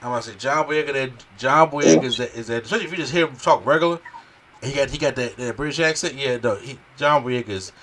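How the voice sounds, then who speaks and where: A man hosting a casual movie review podcast, talking excitedly and swearing as he acts out scenes. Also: medium pitch, quick pace, over a noisy crowd. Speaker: podcast host.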